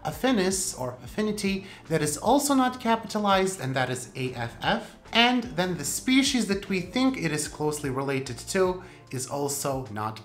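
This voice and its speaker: A woman hosting a plant channel, explaining rules in a casual, playful way with sharp jumps for emphasis. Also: deep voice. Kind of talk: casual instructional talk.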